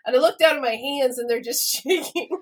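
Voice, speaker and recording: A woman's voice: high voice, fairly quick. A woman co-hosting a podcast, telling a story in casual chat, laughing often, swearing freely and acting out the dialogue. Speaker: podcast co-host.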